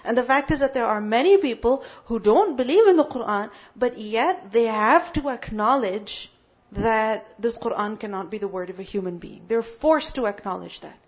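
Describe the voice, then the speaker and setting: High-voiced woman teaching Quran meanings. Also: normal speed, dull audio. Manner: asks questions and answers them herself; builds emphasis through repetition. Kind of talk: Quran tafsir lesson.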